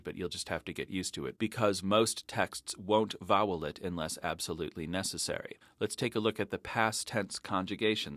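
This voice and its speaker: A man with a very deep, low voice gives a methodical grammar lecture, laying out each step clearly. The sound is dry and close, with no room around it. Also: a bit bright, dry recording. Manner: methodical, explanatory. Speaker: Arabic teacher.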